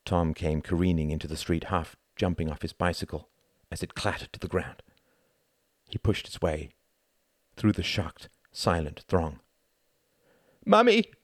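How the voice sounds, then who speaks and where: A man who wrote the novel reads his own audiobook in a measured, expressive way. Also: deep voice, no room sound, studio quality. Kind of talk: dramatic audiobook narration.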